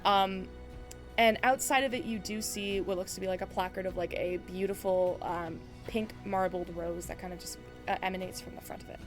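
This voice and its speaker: With music in the background, this game master's mid-range voice stays steady at a normal speed. She narrates tabletop scenes for her players in an easygoing, descriptive style heavy with "um"s and "like"s.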